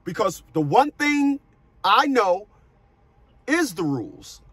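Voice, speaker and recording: A middle-aged man who coaches people on child support, talking forcefully on a call, cursing and repeating words as he starts sentences. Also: high-pitched, very animated, slow pace, breathy edge, no echo. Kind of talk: phone consultation with a caller.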